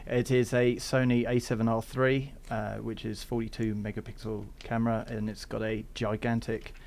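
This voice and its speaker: Gravelly English man with Aussie twang. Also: mid-range voice, level tone, normal speed, a little mellow, slight background noise. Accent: English with some Australian. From England. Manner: rambling, easygoing storytelling. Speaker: guest, thru-hiker. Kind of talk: casual interview chat.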